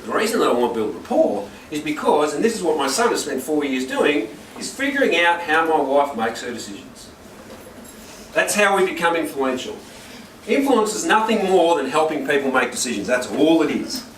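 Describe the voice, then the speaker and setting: A corporate trainer with a fairly high voice tells stories energetically at a moderate pace to a live workshop audience, often checking whether the room agrees. The sound is roomy, distant, and noisy.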